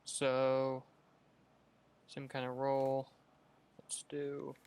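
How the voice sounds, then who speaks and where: Smooth, flat-voiced man playing a game. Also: mid-range voice, drawn-out words. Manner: hesitant, full of "uh"s. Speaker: player. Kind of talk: casual tabletop play.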